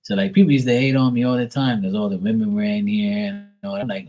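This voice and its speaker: A man's voice: mid-range voice, fast, dark tone. A man giving live tarot readings, talking bluntly and profanely in a casual monologue, acting out others in mocking voices.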